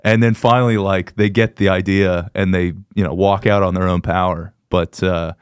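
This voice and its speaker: Deep-voiced man telling comedy stories. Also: moderate pace, clean tone, no echo, clean studio sound. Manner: animated storyteller, laughs often. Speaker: stand-up comedian. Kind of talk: casual podcast chat.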